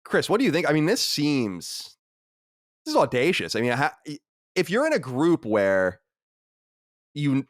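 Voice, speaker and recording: Animated male podcast co-host. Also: fairly high pitch, measured pace, long pauses, dry recording, clean studio sound. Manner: animated, argumentative, reads listener mail aloud. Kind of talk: casual chat.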